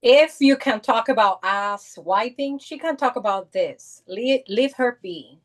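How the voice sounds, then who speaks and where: A protective, stern but loving mother, played by a woman. Her voice is a little high, and she talks slowly and deliberately. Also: lightly acted.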